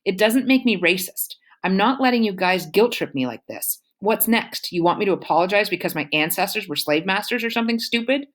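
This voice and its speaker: A woman's voice: medium pitch, animated, a little fast, hardly any pauses, voice pushed up, lightly acted. A woman reading aloud, voicing a snide, defensive teenage girl with a whiny, raised voice. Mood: dismissive.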